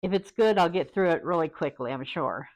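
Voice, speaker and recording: A woman vlogger talking candidly and hesitantly, pausing often and close to tears. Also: fairly low pitch, lively intonation. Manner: halting and hesitant, many pauses; openly vulnerable, close to tears. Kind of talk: candid personal vlog.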